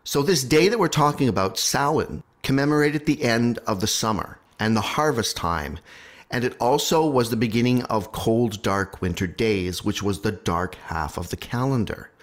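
A man hosting a podcast, chatting eagerly about history with a co-host. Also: mid-range voice. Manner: dramatic slow reading, then excited chatter. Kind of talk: casual podcast chat.

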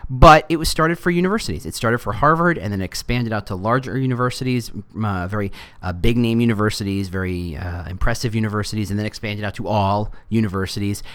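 On his own casual podcast, a middle-aged man talks with real animation, tossing in jokes and slipping into brief mock voices for quotes. His voice sits on the low side.

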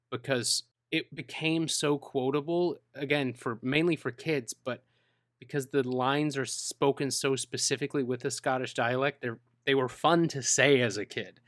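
A man's voice: medium pitch, moderate pace, a bit bright, no echo, clean studio sound. A man in a casual movie discussion, earnest and opinionated, talking in long stretches.

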